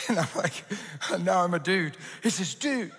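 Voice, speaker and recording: A male pastor delivers a storytelling sermon, acting out each person's lines with animated energy and frequent laughter. His voice sits high and bright. A long reverb trails every phrase, as in a big church sanctuary. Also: unhurried, slightly rough. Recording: reverberant hall.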